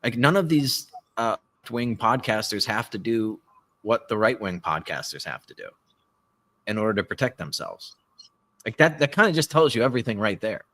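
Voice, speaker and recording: A man co-hosting a live podcast, talking in a rambling, animated way and swearing often. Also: fairly low pitch, moderate pace. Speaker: podcast co-host. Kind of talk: casual political chat. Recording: live stream call.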